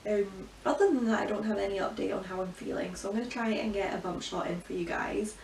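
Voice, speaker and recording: Chatty young woman with a gravelly edge. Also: medium pitch, quick pace, a little mellow. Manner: chatty, emotional, many "like" fillers. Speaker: vlogger. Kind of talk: casual pregnancy update vlog. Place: bedroom at home. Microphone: camera from some distance. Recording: roomy, distant, faint hiss.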